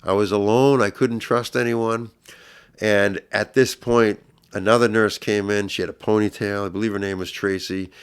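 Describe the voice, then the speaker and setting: A middle-aged man, a podcast guest, earnestly retelling a personal story, his voice swelling louder at intense moments. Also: fairly low pitch, flat delivery, normal speed, clean tone.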